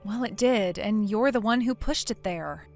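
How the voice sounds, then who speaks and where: A woman's voice: mid-range voice, moderate pace, a little mellow, soft background music, close to an everyday voice. A synthetic woman's voice playing a blunt young woman who lectures her friend sternly in a text-message story. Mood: scolding. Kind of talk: text-to-speech text story narration.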